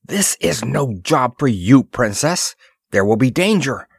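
A man's voice: medium pitch, lively intonation, unhurried, vocal fry, slightly rough, dry recording, studio quality, voice pushed up, full character voice. A man voicing a firm, emphatic expedition leader.

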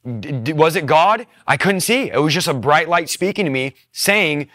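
A man's voice: on the high side, lively intonation, moderate pace, a bit bright. A young man telling his personal faith testimony, earnest and emotional, tearful as he speaks.

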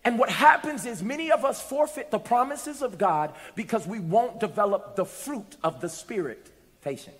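High-voiced male preacher in echoing hall. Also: animated, normal speed, hardly any pauses. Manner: storytelling, rising to shouts and sing-song. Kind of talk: sermon. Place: church.

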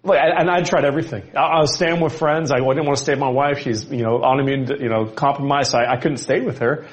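A man, a guest, speaking earnestly in casual conversation, halting and repeating words. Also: medium pitch, steady tone.

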